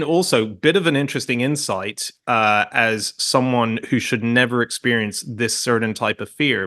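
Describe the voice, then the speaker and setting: A man's voice: medium pitch, sharp tone. Rambling man in his late thirties. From Hong Kong. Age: late 30s. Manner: rambling, self-interrupting storyteller. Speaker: podcast guest. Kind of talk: casual interview chat.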